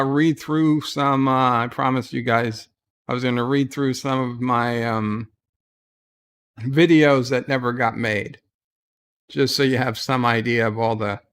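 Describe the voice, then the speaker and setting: A man's voice: a little high, fairly bright tone. A man hosting a casual livestream who reads out viewer messages and rambles with sardonic asides and frequent restarts. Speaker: livestream host.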